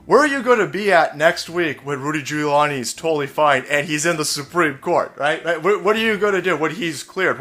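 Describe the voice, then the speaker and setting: An American man delivering a profane, mocking comedy rant on a vlog. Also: a bit bright. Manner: profane, mocking, mimics opponents in shrill high voice. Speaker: comedian and political commentator. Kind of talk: ranting vlog monologue.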